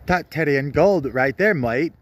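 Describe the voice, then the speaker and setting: A man putting on a hammy high mock-British gentleman. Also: lively intonation, a little hiss or hum. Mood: pompous. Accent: put-on British. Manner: exaggerated, sing-song, drawn-out. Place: outdoors in a city park.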